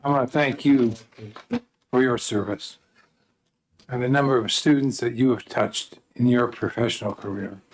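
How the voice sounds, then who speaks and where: A man's voice: mid-range voice, moderate pace, pauses often, rough recording. A man serving as a state representative, sincerely thanking a witness at a committee hearing. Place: legislative committee room.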